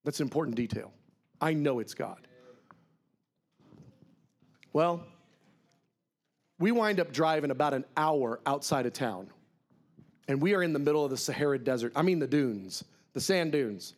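A man's voice: fairly high pitch, normal speed, long pauses. A man preaching a sermon, telling a story and acting out the voices of people he quotes. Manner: animated, acts out quoted voices.

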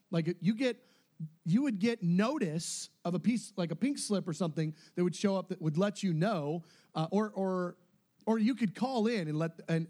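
A young man telling a story casually, acting out what others said in shifting voices. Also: sits high. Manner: animated, acts out quotes with shifting voices. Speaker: storyteller recounting a mission trip.

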